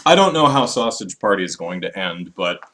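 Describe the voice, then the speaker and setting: A man's voice: low voice, sing-song, a little fast, a bit bright, slight background noise. A man chatting casually on a live stream, rambling and wry with many fillers. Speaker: vlogger.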